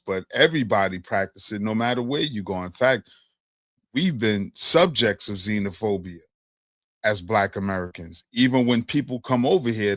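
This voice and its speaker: A man's voice: on the low side, no echo, studio quality. A man from Brooklyn, hosting a casual discussion and telling stories with streetwise slang. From Brooklyn, New York. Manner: animated storyteller, streetwise slang.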